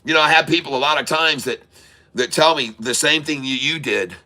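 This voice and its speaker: A man hosting a live day-trading stream, calling out prices and coaching viewers in an excitable, repetitive way. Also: on the high side, brisk. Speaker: day-trading livestream host.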